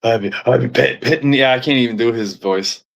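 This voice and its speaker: A man's voice: mid-range voice, a little fast, creaky. A man hosting casual banter, profane and joking. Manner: profane, laid-back, joking.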